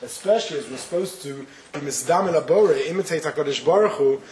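A rabbi telling a parable and giving a spoken Torah lesson, with small hesitations. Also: male voice, on the high side, fast, a little mellow. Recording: roomy echo, faint noise.

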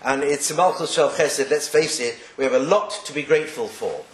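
A man's voice: on the high side, a little fast. A man teaching a class on Jewish texts, joking and putting rhetorical questions to his students. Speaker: Torah teacher. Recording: echoey room.

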